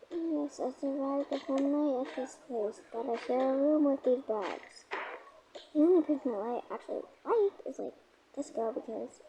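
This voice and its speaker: High lively girl telling a doll story. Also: background noise. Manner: whiny, dramatic complaining. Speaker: doll role-play narrator. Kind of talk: toy role-play story.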